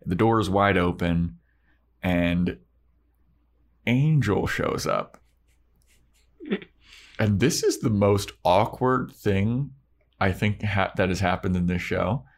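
A man's voice: deep voice, takes it slowly, pauses often. A man co-hosting a casual podcast, retelling an episode and acting out the characters' lines. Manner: animated storyteller who acts out quotes in voices. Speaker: podcast co-host recapping a TV episode. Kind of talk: casual chat.

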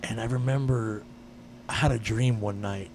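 A man in casual chat, telling a personal story with lively energy and frequent swearing. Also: lowish voice, moderate pace, slight background noise. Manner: animated storyteller, swears freely.

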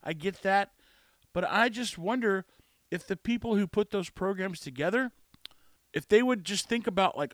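In a dry, studio-quality recording, a podcast host with a high-pitched, slightly bright voice speaks at a moderate pace. He rants through a monologue about a frustrating day, growing exasperated and worked up as he repeats the story and quotes what people said.

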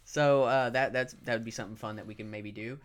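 A man hosting a podcast and acting as game master, talking in a relaxed, rambling way with lots of fillers. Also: medium pitch, quick pace, clean tone. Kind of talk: casual ad read and game narration.

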